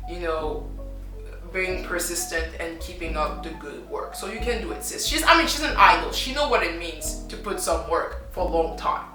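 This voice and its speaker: A French-native woman, a language teacher, chatting excitedly and repeating herself as she reacts to a clip. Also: on the low side, very echoey, far from the mic. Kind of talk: excited casual reaction vlog. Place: outdoors in sunlight.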